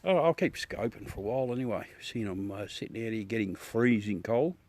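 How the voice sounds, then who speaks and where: A man's voice: fairly low pitch, lively intonation, brisk, darkish tone, no echo. An Australian man hosting a casual live chat with viewers from his backyard at night, swearing freely and laughing often. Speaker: livestream host.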